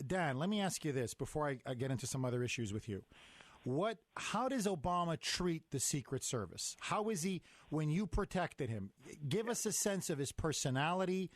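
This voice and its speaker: A man's voice: a little high, dry recording. A male radio host asking the guest a string of probing questions.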